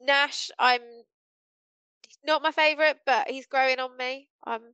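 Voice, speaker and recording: A woman's voice: high voice, steady tone, unhurried, pushed and bright, clear, resonant tone, no echo, rough recording. A woman guest on a podcast, chatting casually and playfully acting out lines. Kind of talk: casual chat.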